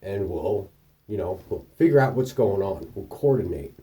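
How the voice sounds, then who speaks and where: Deep-voiced and far from the mic, this man talks at normal speed in a casual storytelling monologue. He vlogs about his week through profane, meandering anecdotes, voicing the characters with lively impressions.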